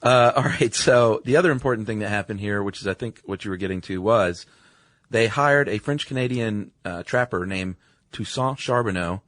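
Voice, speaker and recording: A man co-hosting a podcast in casual chat, laid-back and quick with agreeing asides. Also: fairly low pitch, fairly bright tone, no room sound. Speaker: podcast co-host.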